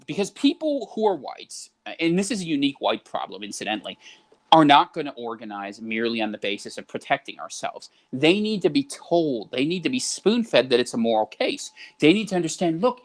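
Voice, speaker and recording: A man talking as a podcast guest, at an ordinary pitch with a lot of swing in it. He lays out his reasoning point by point and sounds set on persuading. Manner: explanatory, persuasive, building a point step by step. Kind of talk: podcast conversation.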